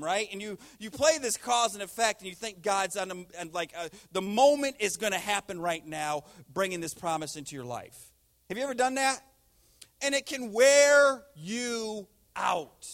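A man preaching a sermon, animated, swinging between loud rising lines and hushed intense ones. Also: sits high, moderate pace. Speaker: pastor.

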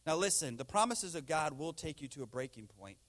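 A man preaching a sermon, animated, swinging between loud rising lines and hushed intense ones. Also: a little high, brisk. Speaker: pastor.

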